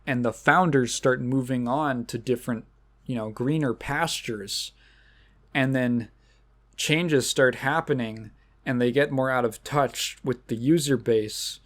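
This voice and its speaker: A man's voice: medium pitch, a little slow, fairly bright tone. A man hosting a podcast in casual chat, rambling and swearing, laughing often and acting out quoted exchanges. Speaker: podcast host.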